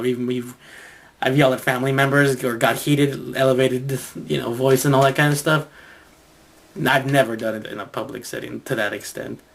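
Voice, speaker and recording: A man thinking aloud as he works out a comedy bit, halting and restarting often and chuckling to himself. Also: medium pitch, vocal fry, a bit bright. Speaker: comedian developing material. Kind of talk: rambling think-aloud monologue.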